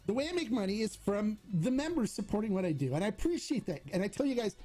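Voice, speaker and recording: A man's voice: high-pitched, sing-song, quick pace, dark tone, soft background music. A middle-aged man hosting a casual livestream Q&A, talking in a chatty, rambling way with many restarts. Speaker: host of a tequila channel.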